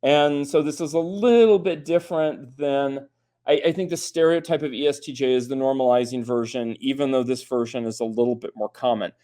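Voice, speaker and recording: A man's voice: mid-range voice, brisk, mellow. A man in his forties, a guest expert, explaining ideas in a thoughtful conversational way, with many fillers and restarts. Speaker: guest expert on personality types.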